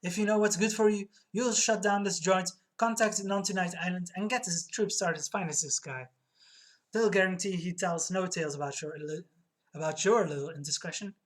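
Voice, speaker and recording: A woman voicing a dorky male spy who turns loud and threatening. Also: fairly low pitch, normal speed, close to an everyday voice.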